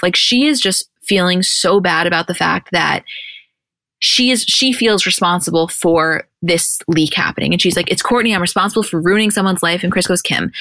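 A woman's voice: lowish voice, a bit bright, no room sound. A woman co-hosting a podcast, casually recapping TV scenes and acting out the dialogue as she goes. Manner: chatty, retells scenes with quoted dialogue. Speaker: podcast co-host.

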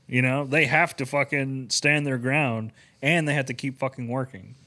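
A man's voice: medium pitch, fairly even intonation, moderate pace, bright, forceful tone. Swearing young man chatting on a podcast. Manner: loose, swearing, filler-heavy. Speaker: podcast co-host. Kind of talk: profane casual chat.

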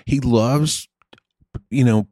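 Slow, rambling man chatting. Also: medium pitch, mellow, no echo, studio quality. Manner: rambling, profane, restarts often. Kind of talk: casual comedic chat.

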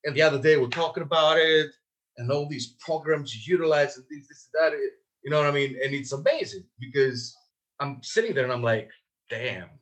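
A man's voice: on the high side, fairly quick, a bit bright. Emphatic man coaching sales calls. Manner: lots of "like" and "you know" fillers. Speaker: podcast guest, sales trainer. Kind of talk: casual coaching talk.

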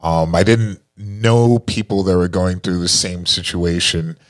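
A middle-aged man, the guest, telling his story in casual talk, halting with fillers and restarts. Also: low-pitched, fairly even intonation. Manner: halting, full of fillers and repeated starts.

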